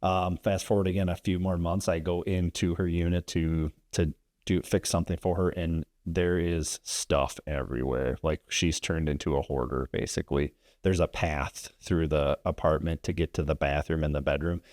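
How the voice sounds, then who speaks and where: A man's voice: low-pitched, fairly even intonation, normal speed, a little mellow, dry recording, studio quality. A man, a landlord and investor guest, telling a story in casual podcast chat, rambling and tagging sentences with "right?".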